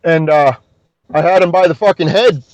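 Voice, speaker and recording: A young man from Scotia, a podcast guest telling an animated story and swearing constantly. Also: a little high, moderate pace, muffled recording. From Nova Scotia, Canada. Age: young adult. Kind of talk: casual storytelling.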